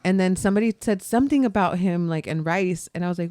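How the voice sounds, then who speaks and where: A woman in her thirties chats on a casual podcast, laughing a lot as she tells her stories. Her voice is mid-pitched and recorded dry and close, with no room sound. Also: very fast, few pauses, dry recording. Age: 30s. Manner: laughs a lot, animated storytelling. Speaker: podcast co-host. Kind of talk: casual chat.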